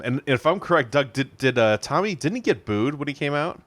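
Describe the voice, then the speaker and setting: A man's voice: on the high side, expressive, a little fast, a bit bright. Easygoing man in casual podcast chat. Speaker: podcast co-host.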